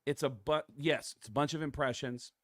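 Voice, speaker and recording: Brief: middle-aged male comedian guest, animated storyteller, slips into voices, crisp edge. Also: mid-range voice, normal speed, no room sound, studio quality. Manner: excitable, acts out voices in his stories. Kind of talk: casual interview storytelling.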